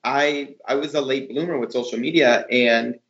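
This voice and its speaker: A man, a hairdresser and educator, talking in a casual interview with enthusiastic, animated storytelling. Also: medium pitch, moderate pace. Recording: roomy, slightly dull sound.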